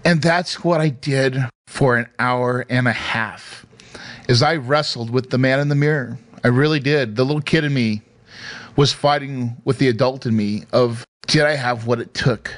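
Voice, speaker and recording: A man's voice: medium pitch, normal speed, fairly bright tone, no echo, clean studio sound. A middle-aged man and real estate investor telling an emotional personal story into a mic, earnest and emphatic, with restarts. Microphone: studio mic.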